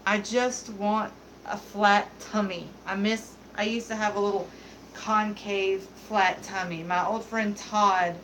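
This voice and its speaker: A woman's voice: mid-range voice, steady tone, takes it slowly, a bit bright, a little hiss or hum, rough recording. A young adult woman hosting a beauty livestream, chatting casually with viewers in a giggly, candid, joking way. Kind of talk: casual livestream chat, reading viewer comments.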